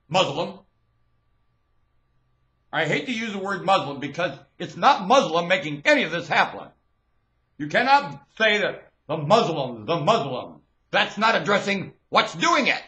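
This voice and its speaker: A man delivering a rambling, preachy monologue rant into a webcam, swinging from low muttering to loud shouting. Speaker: webcam vlogger.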